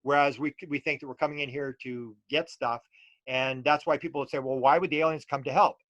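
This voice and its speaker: A man's voice: medium pitch, fairly even intonation, brisk, a bit bright, no echo, dull audio. A middle-aged man, a UFO researcher talking as an interview guest and telling stories loosely with many restarts and fillers. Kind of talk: casual storytelling interview.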